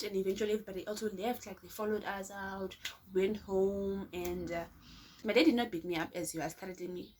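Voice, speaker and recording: A woman's voice: medium pitch, a little hiss or hum. A woman vlogger telling a story to her viewers in a chatty, casual way, often addressing them as guys.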